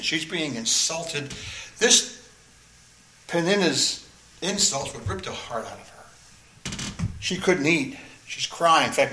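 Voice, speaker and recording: An earnest, emphatic man preaches, reading scripture aloud and unpacking it phrase by phrase. His voice sits slightly high for a man and often repeats words to drive a point home. The sound carries a noticeable room echo. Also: a bit bright. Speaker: pastor. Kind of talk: expository sermon, reading and explaining scripture.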